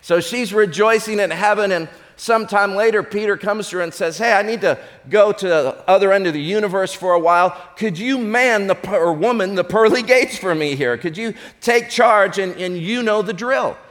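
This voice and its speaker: A man preaching a sermon as pastor, telling a joke with lively voices for the characters. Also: high-pitched, moderate pace, hardly any pauses, in a large hall.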